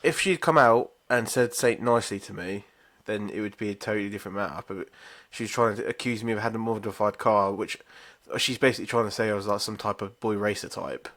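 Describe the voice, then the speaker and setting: A man's voice: lowish voice, fast, hardly any pauses, fairly bright tone. A man, a podcast co-host telling road stories in laid-back, sweary casual chat.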